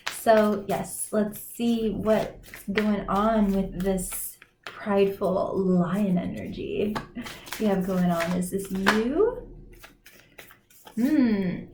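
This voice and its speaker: A woman giving a casual intuitive oracle card reading, exclaiming and laughing often, with many fillers. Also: medium pitch. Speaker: tarot and oracle card reader. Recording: echoey room, faint noise.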